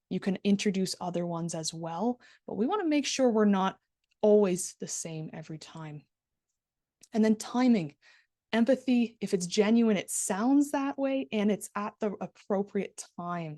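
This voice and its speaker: A middle-aged woman teaching a live online class, modelling soft empathetic phrases and stressing key words as she speaks to her students. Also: mid-range voice, no echo, clean studio sound.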